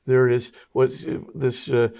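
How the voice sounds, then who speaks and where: A man of middle pitch, a priest and scholar being interviewed. He explains in careful technical detail and often pauses on ums and uhs as he searches for the right word. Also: monotone, warm tone, clean tone. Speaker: guest, Jesuit priest and scholar.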